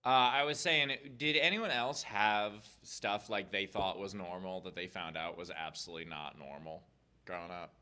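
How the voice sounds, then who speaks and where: A man, a co-host comic, trading quick teasing jokes in casual banter over a video call. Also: low-pitched, sharp tone, clear, resonant tone.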